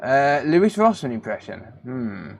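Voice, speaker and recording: A man's voice: mid-range voice, unhurried, creaky. A man hosting a casual live stream, reading out viewers' names and calling them mate. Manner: relaxed, greets chat viewers by name, calls them mate. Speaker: live stream host, repair technician.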